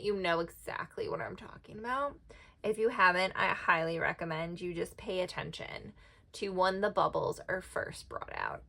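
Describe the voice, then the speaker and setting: Chatty woman with a gravelly edge. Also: fairly low pitch, fairly bright tone. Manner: chatty, rambling, thinks aloud with fillers. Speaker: tarot and oracle card reader. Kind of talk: casual card-reading vlog.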